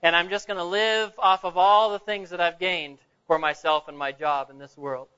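An eager, boastful teenage graduate, as a male preacher puts him on in a story, reeling off plans one after another. The voice sits high and bright. The recording is dull and lo-fi. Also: fairly even intonation, moderate pace, clear, resonant tone.

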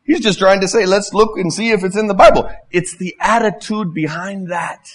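Here a middle-aged man preaches as a pastor at normal speed, with a high voice and fairly even intonation. The sermon is fervent and full of repeated phrases and rhetorical questions, moving between booming and quiet moments.

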